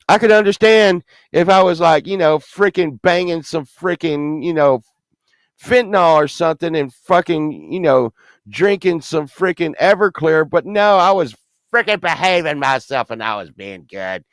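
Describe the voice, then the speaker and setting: A man's voice: fairly high pitch, normal speed, clean tone, no echo. Profane rambling man in his fifties. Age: 50s. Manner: rambling, profane, swings from mumbling to indignant ranting. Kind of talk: casual profane storytelling.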